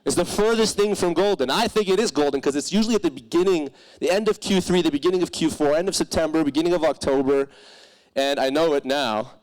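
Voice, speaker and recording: This fast-talking young founder, with a voice on the high side, performs a comic tale of failure before a live audience. He's lively and profane, mimicking everyone he quotes, and the audio quality is rough.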